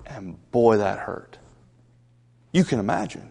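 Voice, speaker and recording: Man, pastor, sermon, folksy conversational preaching, raspy fry in the voice, long church reverb. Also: medium pitch, animated, measured pace, long pauses. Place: church sanctuary.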